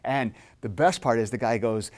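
A middle-aged man teaching a theology class in a classroom, casual and animated, telling stories and joking with his students. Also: medium pitch, normal speed. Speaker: seminary professor.

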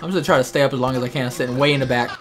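A man's voice: medium pitch, steady tone, rapid-fire. A young man hosting casual gameplay commentary, joking, swearing and laughing often. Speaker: gaming channel host.

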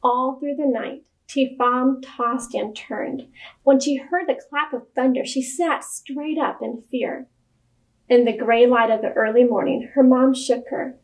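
A woman reads a children's story aloud in a clear, expressive storytelling voice. Her voice sits high, and she takes an unhurried, deliberate pace. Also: low-quality recording.

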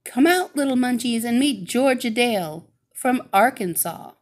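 A woman reading as a calm good witch. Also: a little high, unhurried, pitched above the performer's own voice. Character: good witch woman, kindly and matter-of-fact.

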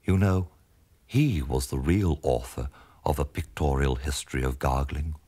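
A man voicing a dreamy, eccentric middle-aged gentleman, mournful and drifting into whispers, on a comic spoken-word record. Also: rumbling low, a little slow, slightly rough, no echo, voice pushed down, heavily acted. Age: 40s.

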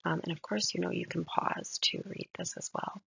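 A woman's voice: lowish voice, steady tone, normal speed, creaky, slightly rough, no room sound. A woman giving a recorded mini-lecture on a poem, reflective and admiring as she walks through its lines. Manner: reflective, admiring, soft-spoken. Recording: dull lo-fi dry recording.

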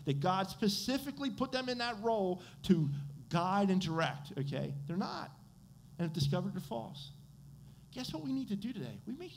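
A man's voice: high voice, a little hiss or hum. A man with an American accent preaching a sermon as pastor, quizzing his congregation and answering his own questions. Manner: animated, asks the congregation questions and answers them. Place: church sanctuary.

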